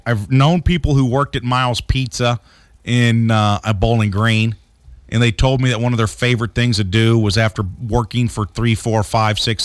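A man's voice: mid-range voice, dry recording. A man co-hosting a radio show, rambling through a news story with jokes and asides. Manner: jokey, rambling, slips into silly accents. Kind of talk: casual comedic radio banter.

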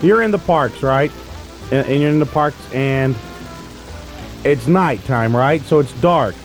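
A man's voice: mid-range voice, unhurried, faint music behind, low-quality recording. A man co-hosting a casual radio talk show, arguing his case at length with dry teasing. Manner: argumentative, wordy, dry teasing.

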